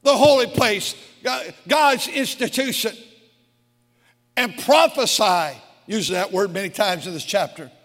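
A man with a very high voice preaches in a large hall with a long, echoing tail. He reads scripture slowly and deliberately. He swings between hushed, low passages and shouted climaxes. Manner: swings from low, quiet lines to shouted peaks. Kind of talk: fiery sermon.

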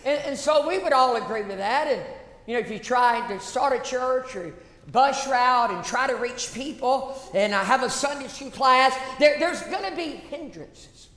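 A woman pastor delivers an emphatic sermon in a high voice, repeating key phrases and tossing questions to the congregation. Her voice rings through a roomy church sanctuary with a long, trailing echo. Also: animated, moderate pace, fairly bright tone. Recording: echoey church hall reverb.

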